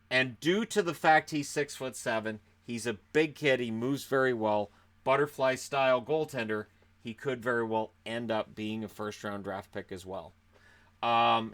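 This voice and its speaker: A man's voice: mid-range voice, fairly bright tone. A man with a Canadian accent talking casually to camera about hockey prospects, loose and chatty with frequent fillers and restarts. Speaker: hockey YouTuber. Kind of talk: casual scouting commentary to camera.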